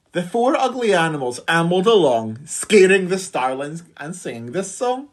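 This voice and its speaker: A woman's voice: lowish voice, moderate pace, hardly any pauses. A woman teacher reading a rhyming picture book aloud for a school assembly from home. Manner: lively storytelling with exclaimed shouts.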